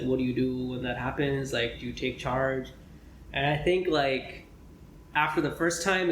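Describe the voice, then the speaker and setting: Rambling young man in an echoey room. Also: medium pitch. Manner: chatty, rambling, frequent throat clearing and fillers. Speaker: medical student podcast co-host. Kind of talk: casual chat. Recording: echoey room with faint noise.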